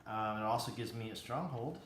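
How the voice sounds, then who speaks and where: A man playing a board game, thinking aloud with many pauses and ums in casual chat. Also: medium pitch, a bit bright. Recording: echoey room with noise.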